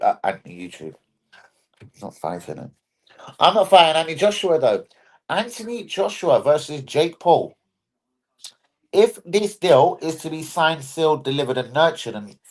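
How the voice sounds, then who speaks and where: A man's voice: a little high, lively intonation, normal speed. A young man hosting a football fan live stream, chatting in a sweary, jokey, rambling way. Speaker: football fan channel host. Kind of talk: casual live-stream chat.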